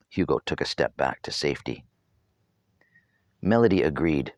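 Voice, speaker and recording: A man's voice: extremely low pitch, lively intonation, normal speed, pauses often, no room sound, lo-fi sound. A man reading his own novel aloud as storybook narration, with wry, humorous asides.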